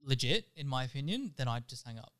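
A man's voice: mid-range voice, sing-song, quick pace, fairly bright tone. A man on a casual podcast, dry and matter-of-fact, answering in short remarks.

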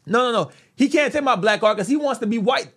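A man's voice: very high voice, expressive, fast, a bit bright. A young man co-hosting a casual podcast chat, playful and argumentative, often repeating himself. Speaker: podcast co-host.

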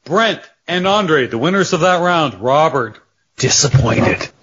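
A man's voice: fairly high pitch, animated, unhurried, a bit bright, husky, lo-fi sound. A man from Canada hosting a podcast quiz round, teasing and a little tipsy. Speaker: podcast host. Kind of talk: casual quiz-show banter.

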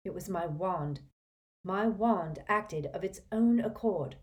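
Teen boy wizard read by a woman, tense and flat, kinda low. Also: slow. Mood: frustrated. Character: troubled teenage boy wizard, stubborn and frustrated.

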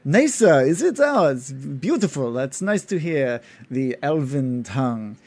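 A man's voice: medium pitch, sing-song, unhurried, a little mellow. A man voicing a haughty noble half-elf bard who speaks in a theatrical, pompous way. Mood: delighted.

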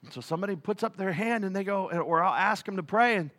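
A male pastor preaching a conversational sermon in an animated way, with frequent restarts. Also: high voice, fast talker.

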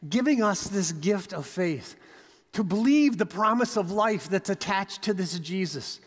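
A man's voice: high voice, husky, big-room sound. A pastor delivering a sermon with emphatic preaching, his voice rising and dropping for effect.

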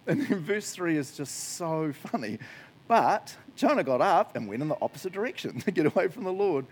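A man's voice: on the high side, lively intonation, normal speed, a little mellow, a little hiss or hum. A man giving a casual, joking sermon, often laughing as he talks. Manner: chatty, jokey, laughs often. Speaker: preacher.

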